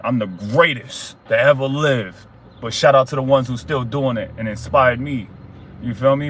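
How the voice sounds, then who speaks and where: A man's voice: medium pitch, a bit bright, slight background noise. Streetwise man giving a pep talk outdoors. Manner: streetwise motivational, repeats "you heard?". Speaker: fitness streamer. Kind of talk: casual livestream talk.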